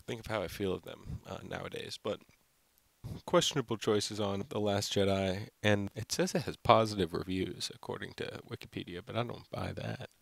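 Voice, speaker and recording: Gravelly low-voiced man rambling a review. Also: moderate pace, no room sound. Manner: rambling, heavy use of "like" and fillers. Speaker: film review channel host. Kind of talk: unscripted casual film review.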